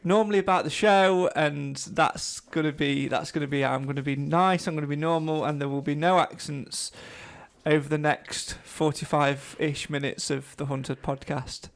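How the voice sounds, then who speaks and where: A man's voice: a little high, fairly even intonation, normal speed, gravelly. A man co-hosting a podcast, tired from illness and chatting in a rambling, self-deprecating way. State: tired, getting over an illness. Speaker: podcast co-host. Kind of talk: casual podcast chat.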